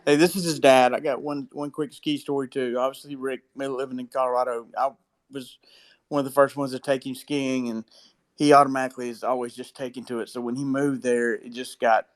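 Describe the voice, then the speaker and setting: Easygoing man in his fifties. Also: medium pitch. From Mississippi, US. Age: 50s. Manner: easygoing, self-mocking humor. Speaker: father sharing a memory. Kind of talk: casual storytelling.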